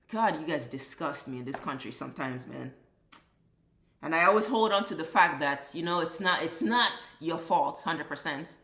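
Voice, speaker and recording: Low-voiced woman ranting bluntly. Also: expressive, measured pace, long pauses, fairly bright tone. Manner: blunt, profane, emphatic ranting. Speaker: vlogger. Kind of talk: impassioned opinion monologue. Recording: echoey room.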